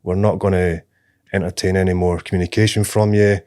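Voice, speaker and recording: A man co-hosting a business podcast, speaking in a calm, plain-spoken, measured way. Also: sits low, clean tone. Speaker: podcast co-host. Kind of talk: casual chat.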